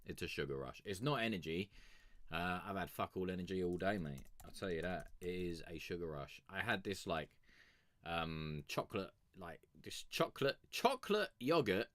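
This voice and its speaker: A man's voice: low-pitched, animated, normal speed, a bit bright, no room sound. A man chatting casually and crudely with his live-stream audience, rambling and joking on a sugar rush. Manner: profane, rambling, joking banter with chat. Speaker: music review streamer.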